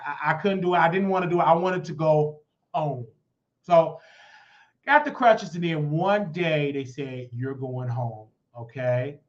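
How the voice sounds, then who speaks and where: A man hosting his own show, telling a long personal story in an animated way and acting out the voices of the people in it. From Chicago. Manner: animated, acts out quoted voices with big pitch jumps. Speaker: show host. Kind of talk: storytelling monologue. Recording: dull lo-fi audio.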